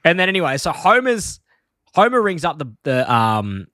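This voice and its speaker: A man's voice: a little high, big pitch swings, normal speed, bright, forceful tone, no room sound, studio quality. A man co-hosting a podcast, recapping a cartoon episode in a rambling, laughing casual chat. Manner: rambling, lots of fillers and laughter. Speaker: podcast co-host.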